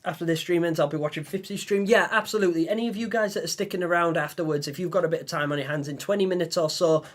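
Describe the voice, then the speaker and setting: A young man hosting a live stream, telling a story in a lively way and acting out his own panicked lines. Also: on the high side, very fast. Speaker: livestream host.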